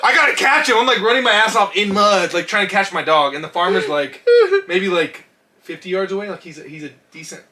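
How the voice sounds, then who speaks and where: A man co-hosting a casual comedy podcast, telling stories with lots of swearing and bursts of shouting. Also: high-pitched, brisk. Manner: profane storytelling, shouts when acting out scenes. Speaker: podcast co-host.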